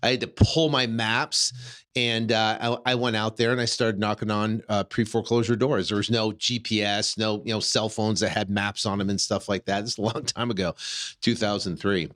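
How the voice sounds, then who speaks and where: A man in his fifties, a real estate investor and podcast host, telling a first-person story in a casual, animated way, full of fillers and restarts. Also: on the low side, moderate pace. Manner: animated, many fillers and restarts, acts out his own reactions.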